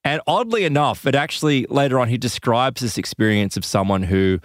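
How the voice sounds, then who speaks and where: A man's voice: mid-range voice, brisk, no echo. Man storytelling in a dry room. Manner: animated, acts out quoted voices, laughs often. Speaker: podcast co-host telling a story. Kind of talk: casual storytelling chat.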